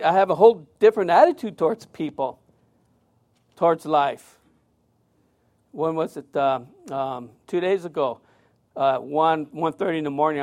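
A man with a notably high-pitched voice preaches a sermon in an easygoing, conversational way. He slips into animated storytelling and acts out the lines of the people in his story.

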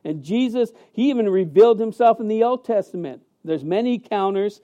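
A man preaching a sermon as pastor in a church sanctuary, emphatic and animated, with many fillers and restarts. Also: high-pitched, a little fast, muffled recording.

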